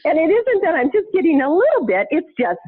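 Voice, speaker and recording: A woman guest telling a story in a conversational interview, animated and laughing often, with expressive swings in her voice. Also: very high-pitched, fairly quick. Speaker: podcast guest, intuition teacher. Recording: tinny phone-like line.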